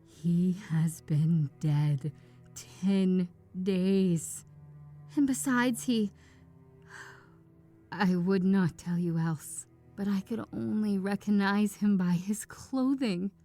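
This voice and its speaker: A woman voicing a frightened old husband who speaks slowly and tremblingly. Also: mellow, faint music behind. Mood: fearful. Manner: low, slow and trembling.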